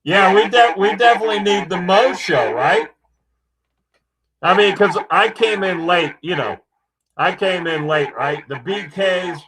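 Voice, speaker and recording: Husky, fairly high male co-host with a mocking showman delivery. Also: poor audio. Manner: mocking, drops low on "ladies and gentlemen".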